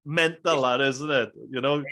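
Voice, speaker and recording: A man's voice: medium pitch, steady tone, moderate pace, sharp tone. A man hosting a casual interview, giving friendly, encouraging replies to his guest. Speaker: podcast host.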